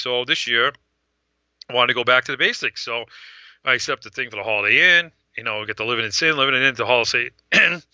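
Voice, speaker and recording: A middle-aged man who organizes fan events, telling a rambling, animated story in casual talk and acting out the voices of people he quotes. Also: medium pitch, dry recording, highs cut off.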